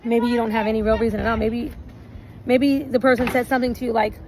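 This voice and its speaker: A woman recording a relationship vlog outdoors, reading out points slowly and adding chatty asides. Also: fairly high pitch, level tone, a little mellow, low-quality recording. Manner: reads lists slowly, adds chatty asides. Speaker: relationship vlogger. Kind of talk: casual talk, reading points aloud. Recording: outdoor recording with noticeable background noise.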